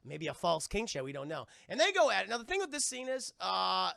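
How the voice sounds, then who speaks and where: A man giving an excitable, profane live-stream film review, talking straight to his chat and acting out scenes. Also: high-pitched, quick pace, creaky, no echo, clean studio sound.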